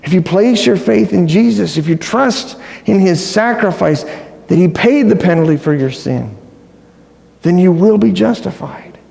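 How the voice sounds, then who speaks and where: Male pastor, conversational, joking sermon; higher voice, church hall with roomy reverb. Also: animated, a little slow, gravelly, darkish tone. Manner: conversational, asks the congregation questions; playful, self-deprecating humor. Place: church sanctuary.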